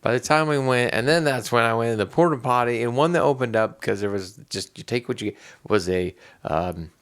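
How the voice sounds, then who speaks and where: Gravelly man telling a rambling story. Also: medium pitch, a little fast. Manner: rambling storyteller, restarts often, laughs mid-sentence; animated when acting out scenes. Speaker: podcast co-host. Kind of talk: casual chat.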